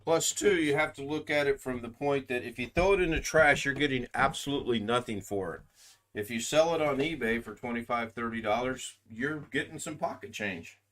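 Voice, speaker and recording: Man, livestream host, rambling casual chat, middle pitch, desk mic. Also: a little fast, fairly bright tone. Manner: chatty, rambling, reads out viewer names. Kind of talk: casual live stream chat.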